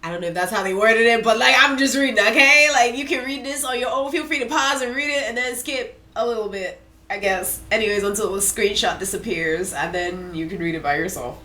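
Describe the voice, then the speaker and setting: A woman in casual commentary, reading chat screenshots aloud with animated, slangy asides and laughs. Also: a little high, fairly quick. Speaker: commentary vlogger.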